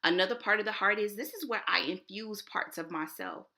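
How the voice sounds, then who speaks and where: A woman's voice: medium pitch, a little fast, creaky, sharp tone. A middle-aged woman with a Texan accent from Houston, giving a chatty, emphatic conference talk as a presenter. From Houston, Texas.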